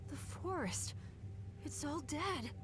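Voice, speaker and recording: A woman voicing a small, eager young dinosaur monster in a video game, with a high, childlike voice. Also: lively intonation, takes it slowly. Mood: dismayed. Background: game music.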